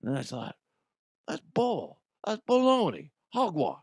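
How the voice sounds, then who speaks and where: A man's voice: high voice, wildly swooping pitch, unhurried, vocal fry, slightly rough, no room sound, studio quality, voice pushed up, heavily acted. A man doing a mumbling, rambling impression of an elderly male politician.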